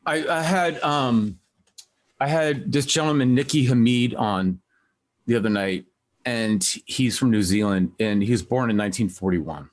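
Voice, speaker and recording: A man hosting a music podcast, talking in a casual, rambling way and acting out quotes with lively voices. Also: medium pitch, unhurried. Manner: rambling, animated when quoting others. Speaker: podcast host. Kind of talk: casual conversational interview.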